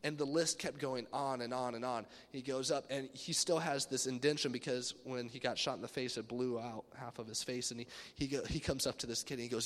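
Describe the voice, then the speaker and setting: A man preaching a casual sermon, rambling a little and acting out lively quotes. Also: medium pitch, fairly quick, hardly any pauses, in a large hall. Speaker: pastor.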